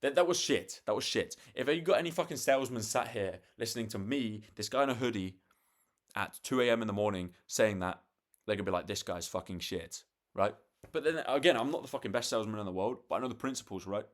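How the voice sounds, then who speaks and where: Young man, low-pitched, rambling to camera late at night; swears freely, restarts sentences. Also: fast talker. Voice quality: swears freely, restarts often, acts out sales calls. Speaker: vlogger.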